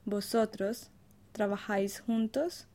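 A woman co-presenting a podcast language lesson, reading example phrases slowly and carefully, saying each one twice. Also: mid-range voice, fairly even intonation, dark tone.

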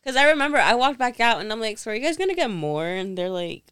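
A woman's voice: on the high side, fast, clean tone, no room sound, studio quality. A young woman telling a story bluntly and with energy in a casual chat. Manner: blunt, animated retelling.

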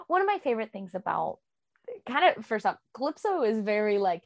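A woman's voice: medium pitch, lively intonation, a little fast, dry recording. A woman co-hosting a podcast, chatting casually about a book, rambling with many fillers. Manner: rambling, full of "um" and "like". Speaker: podcast co-host.

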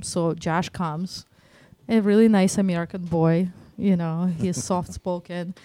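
A woman with a Russian accent blended with Detroit, a film producer telling stories in a podcast interview, animated and laughing often. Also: fairly low pitch, a little slow, no echo.

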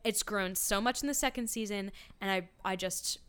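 Young woman, casual podcast chat, smooth clear voice, rambling, quiet asides, mid pitch. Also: normal speed. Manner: rambling, casual, swears, trails off into low asides. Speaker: podcast co-host.

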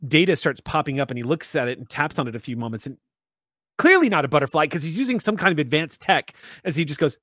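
A man's voice: a little high, expressive, quick pace, a bit bright, no room sound, clean studio sound. A man narrating a tabletop game as game master, in a descriptive, loose way.

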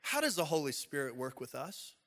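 A man preaching a sermon, an animated storyteller who speaks straight to his congregation. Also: a little high, fairly quick. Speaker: pastor.

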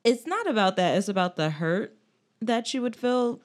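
A woman's voice: on the high side, sing-song, normal speed. A woman co-hosting a casual podcast, talking earnestly about relationships in an easygoing way. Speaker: podcast co-host.

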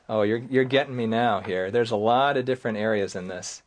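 A young man from Michigan, a plastic surgeon, talking about his book and then reading from it aloud with lively acted lines. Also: a little fast. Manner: animated, jumps into loud high acted lines while reading. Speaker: author and plastic surgeon, guest.

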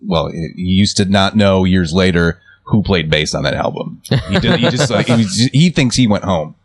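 A man's voice: low voice, animated, normal speed. A man co-hosting a casual podcast, talking about music with enthusiasm. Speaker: podcast co-host. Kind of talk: casual chat.

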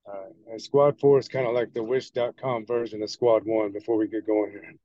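A man's voice: lowish voice, fairly even intonation, brisk, mellow, no echo, muffled recording. A man in a group call, joking and laid-back, asking a question.

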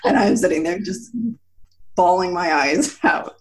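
Animated woman telling a story. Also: on the low side, unhurried. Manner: animated, laughs often, acts out quotes. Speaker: guest. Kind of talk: casual storytelling.

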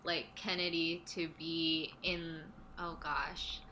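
A woman's voice: low voice, little pitch movement, slow pace, pushed and bright, slight background noise. A woman guest on a podcast, giggly and rambling as she tells stories about improv. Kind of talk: casual chat.

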